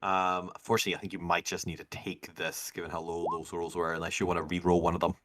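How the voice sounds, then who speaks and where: A man with a fairly low voice narrates a tabletop game as its game master. He explains rolls and rules in a relaxed, patient way. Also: fast.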